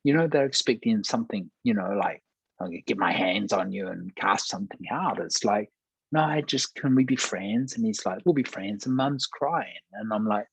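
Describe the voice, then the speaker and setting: A pastor telling a personal testimony in conversation, earnest and acting out quoted dialogue. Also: male voice, lowish voice, lively intonation, moderate pace, vocal fry, slightly rough, no room sound, low-quality recording.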